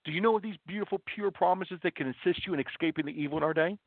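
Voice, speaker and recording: A man's voice: high voice, very fast, dry recording. A man preaching earnestly as a radio host, leaning on repeated rhetorical questions and stressed words. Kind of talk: radio sermon. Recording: dry, tinny phone-like broadcast audio.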